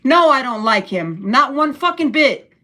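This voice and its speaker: A woman's voice: high-pitched, unhurried. Blunt, foul-mouthed older woman ranting. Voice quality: profane, blunt and animated. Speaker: livestream host. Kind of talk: casual livestream rant. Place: room at home.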